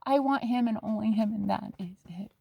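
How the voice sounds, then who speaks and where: A woman giving a casual tarot reading to her viewers, excitable and swearing freely, swinging from hushed asides to loud exclamations. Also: fairly high pitch, brisk, creaky, husky, no echo, highs cut off. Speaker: psychic medium and tarot reader.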